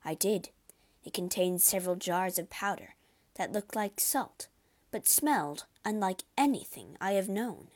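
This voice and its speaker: A man's voice: high-pitched, animated, measured pace, darkish tone, heavily acted. A woman voicing a shaken, frightened male doctor who speaks in a trembling voice, in a storybook reading. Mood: storytelling. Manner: trembling, fearful.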